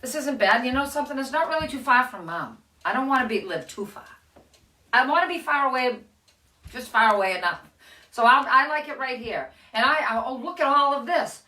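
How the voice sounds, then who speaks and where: A woman doing a carefree young pig who muses aloud, pleased with himself. Her bright, lively tone carries through. The sound is roomy, with the mic set at some distance. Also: high-pitched, a little fast. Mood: content. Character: young male pig, content and easygoing. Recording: echoey room, away from mic.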